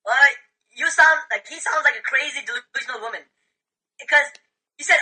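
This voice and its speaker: A woman panelist in a heated online debate, scornful and excitable. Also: sits high, a little fast, low-quality recording. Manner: excited, scornful, lively retelling. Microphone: video call.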